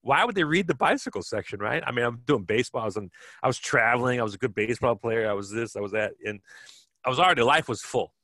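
Here the Kenosha, Wisconsin native, a man in his fifties and former track cyclist, talks in a mid-range, expressive, sharp-toned voice at a quick pace. As an interview guest he rambles through his stories with many restarts, and there's no echo.

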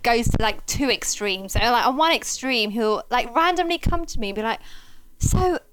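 Animated higher-pitched woman in her thirties. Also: a little fast, smooth, soft background music, rough recording. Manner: animated, teasing storyteller. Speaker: podcast co-host, doctor. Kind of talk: casual podcast chat.

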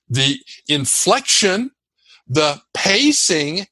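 Energetic male guest coach, husky tone, lively pitch swings, dry close sound. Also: measured pace, no room sound. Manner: energetic, emphatic, teaching in lists. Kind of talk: animated interview talk.

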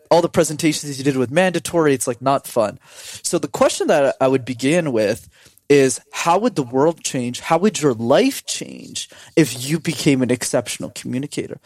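A man speaking as a podcast guest about communication, talking quickly and energetically and animating the voices of people he quotes. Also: a little high, a little mellow, dry recording. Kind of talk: casual podcast chat.

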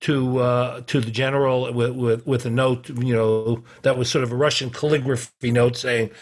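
Telling a lengthy story as a guest on a podcast, this middle-aged man rambles casually, chuckling and restarting often amid plenty of fillers. His medium-pitched voice keeps fairly even intonation at a moderate pace.

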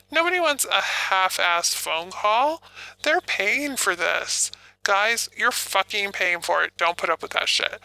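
A woman's voice: medium pitch, vocal fry, sharp tone, poor audio. A woman and phone sex operator giving casual advice in a blunt, profane way.

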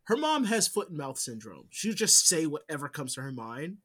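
Animated, swearing male podcast co-host. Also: fairly high pitch, moderate pace, slightly rough. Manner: animated storyteller, swears freely, swings between loud and hushed. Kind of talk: casual chat.

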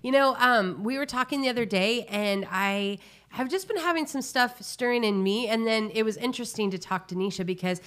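A woman's voice: fairly high pitch, fairly quick, fairly bright tone. A woman pastor co-hosting a casual faith talk show. She speaks in an earnest, reflective way and uses many fillers. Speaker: pastor and co-host.

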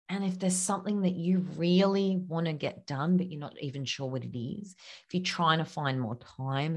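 A woman hosting her own podcast as a coach, talking encouragingly to listeners, laughing often and sometimes dropping to a near-whisper. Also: low voice. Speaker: podcast host and business coach. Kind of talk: solo podcast talk.

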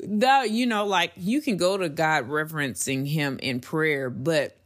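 A young adult woman hosts a faith-based podcast in a low, slightly slow voice. She speaks earnestly and conversationally, growing more emphatic as she goes on.

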